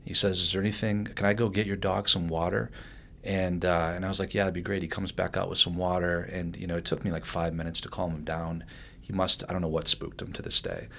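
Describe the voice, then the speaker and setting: A man telling a personal story as a podcast guest, animated and rambling, with many restarts and fillers. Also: low voice, fairly quick, gravelly, a little hiss or hum.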